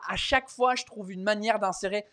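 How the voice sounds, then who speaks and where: Animated laughing man hosting a live chat. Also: high voice, quick pace. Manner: animated, laughs often, repeats "hold on"; mixes English and French. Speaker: host of a live show. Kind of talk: casual live-stream chat.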